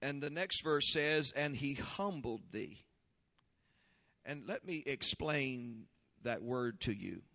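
A man preaching a sermon, leading prayer and praise with fervor, then reading scripture slowly and explaining it. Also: mid-range voice, expressive, creaky, long reverb tail. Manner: fervent, shouting praise then slow deliberate teaching. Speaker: pastor.

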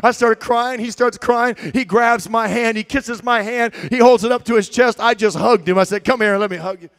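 A man preaching a sermon, telling stories with swings between shouts and quiet asides. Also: very high voice, moderate pace. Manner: shouting, animated storytelling with swings from loud to quiet.

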